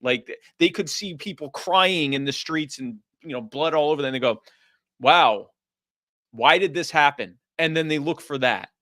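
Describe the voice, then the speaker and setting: A man speaking as a podcast guest in casual interview talk, animated and acting out quoted voices. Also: a little high, normal speed, few pauses, dry recording, clean studio sound.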